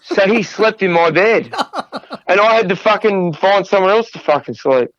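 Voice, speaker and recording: A middle-aged man recounts wild tour stories, swearing freely and laughing, his voice sitting a little higher than most men's. The sound is dry and close, with a dull, muffled lo-fi edge. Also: normal speed, fairly bright tone, dry recording. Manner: profane, laughing anecdotes. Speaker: podcast guest, drummer. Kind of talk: casual storytelling interview.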